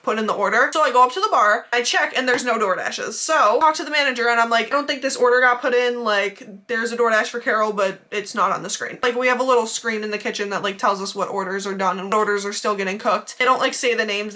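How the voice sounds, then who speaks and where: A woman's voice: on the high side, quick pace, hardly any pauses, bright, forceful tone. A young woman telling a casual storytime vlog in a chatty, rambling way, filling her talk with "like". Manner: chatty, rambling, heavy use of "like". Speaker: YouTuber.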